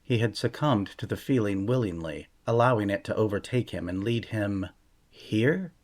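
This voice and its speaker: A man's voice: fairly low pitch, brisk. Man reading a fantasy audiobook. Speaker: audiobook narrator. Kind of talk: scripted fantasy audiobook narration.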